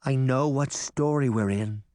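A man voicing an excitable little girl, eager and chattery, in an audiobook. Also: medium pitch, a little slow, no room sound, studio quality, lightly acted.

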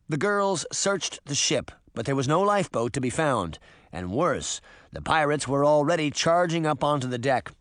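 Expressive male audiobook narrator. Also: fairly high pitch, normal speed, dry recording. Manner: expressive, dramatic. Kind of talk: scripted narration.

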